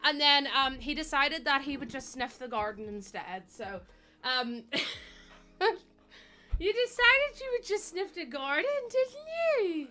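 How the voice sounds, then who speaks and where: Bright, high-voiced bubbly woman streamer. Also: very animated, a little slow. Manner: bubbly, chatty, giggly. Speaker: live streamer. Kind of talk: casual live-stream chat.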